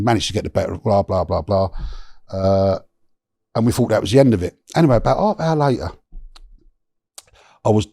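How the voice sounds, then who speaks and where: Gravelly man spinning a yarn. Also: mid-range voice, no room sound, clean studio sound. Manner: animated storyteller, swears, slangy, many restarts. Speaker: podcast guest. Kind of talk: storytelling in a podcast interview.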